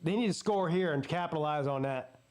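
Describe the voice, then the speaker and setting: A man with a Southern US accent hosting a live watch-party stream, calling plays excitedly and jumping up in pitch on big plays. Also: brisk. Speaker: sports streamer host.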